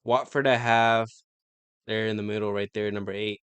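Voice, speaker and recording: A man's voice: lowish voice, flat delivery, normal speed, fairly bright tone, smooth, dry recording. A young man streaming himself taking a football quiz, muttering to himself and swearing when he gets stuck. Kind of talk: live-stream quiz commentary.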